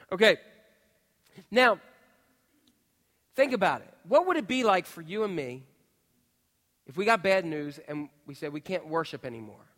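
High-voiced male preacher in a reverberant hall. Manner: peppers the audience with rhetorical questions; swings between quiet asides and loud outbursts. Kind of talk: sermon. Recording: long reverb of a large hall.

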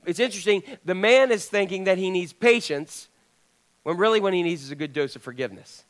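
A man delivers a sermon from the pulpit with a fairly high voice. He talks to his congregation in a conversational, informal way and keeps asking them questions as he preaches. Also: fairly quick. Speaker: pastor.

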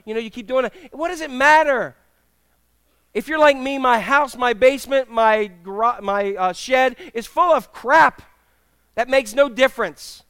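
A middle-aged male pastor preaching a sermon in a church, telling humorous stories with animated, acted-out quotes. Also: extremely high pitch, a little slow, clean tone, dry recording. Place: church sanctuary with congregation.

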